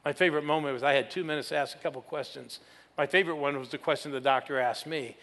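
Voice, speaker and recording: A pastor in his sixties preaches with a slightly high voice, telling his story and teasing the congregation along the way. His words ring out with a long reverb from a large hall. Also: fairly even intonation, fast, a bit bright. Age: 60s. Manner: storytelling, playful with the audience. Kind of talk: sermon.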